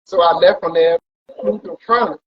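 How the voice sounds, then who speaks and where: A man's voice: fairly high pitch, normal speed, slightly rough. A man talking as a pilot guest, recounting his long trip in a casual, rambling way and often repeating words. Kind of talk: conversational storytelling. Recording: dull lo-fi recording.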